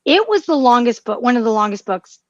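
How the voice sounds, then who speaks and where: A woman's voice: fairly high pitch, sing-song, a little fast, no room sound, dull audio. A woman co-hosting a casual podcast chat, gushing and emotional, with frequent restarts and fillers. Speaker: podcast co-host.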